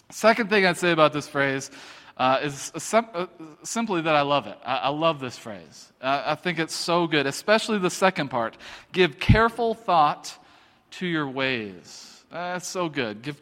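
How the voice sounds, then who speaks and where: Male pastor, middle-aged, higher-pitched, conversational sermon delivery, long hall reverb. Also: pushed and bright. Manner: conversational, repeats phrases for emphasis.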